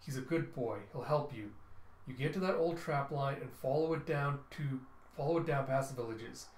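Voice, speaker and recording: A man's voice: medium pitch, moderate pace, a little mellow, close to an everyday voice. A tired, protective father on a far colony world, speaking grimly and plainly as a man reads his lines from a comic. The voice sits in a middle register. It rings in a roomy space. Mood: urgent. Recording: roomy echo.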